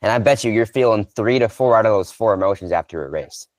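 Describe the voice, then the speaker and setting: A man's voice: lowish voice, expressive, fast, no room sound. A man hosting a podcast interview, affirming his guest and asking reflective questions with casual fillers. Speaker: podcast host.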